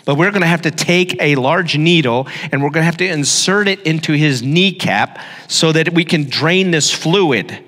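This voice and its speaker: A man's voice: on the high side, normal speed, few pauses, a bit bright. A middle-aged man preaching a sermon as pastor, telling stories with emphatic repetition. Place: church hall. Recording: long hall reverb.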